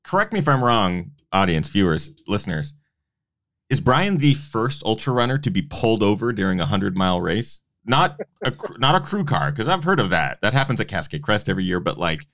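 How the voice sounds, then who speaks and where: A male podcast host with a fairly low voice that swings widely in pitch. He speaks in an animated, enthusiastic way during a casual interview. His questions come out eager and lively.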